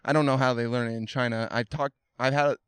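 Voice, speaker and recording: A man talking as a podcast guest, explaining things thoughtfully and slowly, with many fillers and restarts. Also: medium pitch, steady tone, fairly bright tone, clean tone, no echo. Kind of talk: casual conversation.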